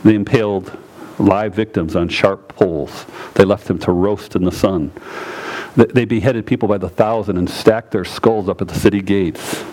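A male pastor preaching a sermon, emphatic, dropping low and slow and then rising high and loud. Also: steady tone, low-quality recording.

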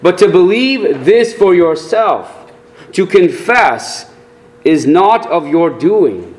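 A man preaching a sermon as a pastor, earnest and deliberate, rising in emphasis on key points. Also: sits high, sing-song, darkish tone.

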